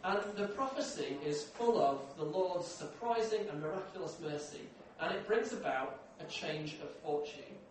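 A man's voice: fairly high pitch, normal speed, hardly any pauses, slight background noise. A man preaching a sermon in a conversational way, often asking the room questions. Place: large echoey church hall. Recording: echoey hall from far off.

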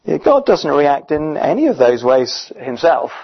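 A man preaching a sermon in a conversational, emphatic way, often pausing with fillers. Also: on the high side, very animated, creaky, slightly rough. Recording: dull, muffled recording.

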